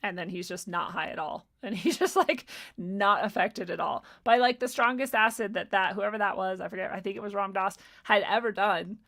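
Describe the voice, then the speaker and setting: Young woman streamer answering chat, swears freely, laughs often, tells stories with gusto; gravelly edge in the voice. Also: mid-range voice, moderate pace, few pauses. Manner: profane, laughing, animated storytelling. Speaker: livestream host answering chat. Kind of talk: casual livestream chat.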